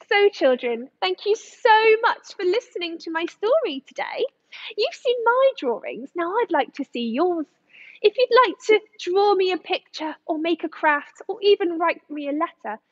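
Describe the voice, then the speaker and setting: A woman educator reading a rhyming story aloud to children, in an expressive sing-song manner. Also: very high-pitched, no echo, dull audio.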